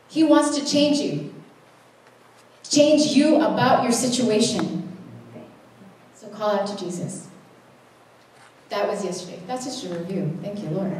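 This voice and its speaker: A woman's voice: medium pitch, measured pace, pauses often, mellow. A young adult woman giving a sermon-style testimony at a church conference, telling her story with humor and acting out her own quotes. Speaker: conference speaker. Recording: very echoey hall, mic from a distance.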